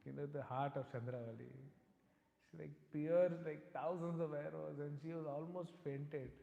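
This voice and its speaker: A man's voice: a little high, steady tone, moderate pace, vocal fry, warm tone, lo-fi sound. Man, devotional lecturer, storytelling, frequent tag questions, echoey temple hall.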